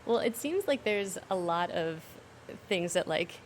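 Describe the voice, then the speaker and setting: A woman's voice: fairly low pitch, expressive, a little slow, slight background noise. A woman hosting a podcast interview, asking questions and adding short encouraging remarks. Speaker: podcast host. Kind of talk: conversational interviewing.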